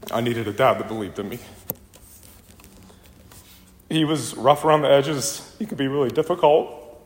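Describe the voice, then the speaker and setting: A man's voice: medium pitch, fairly quick. Man giving a eulogy in an echoey church. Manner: reflective storytelling, with warm anecdotes. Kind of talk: funeral eulogy. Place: church in a large hall.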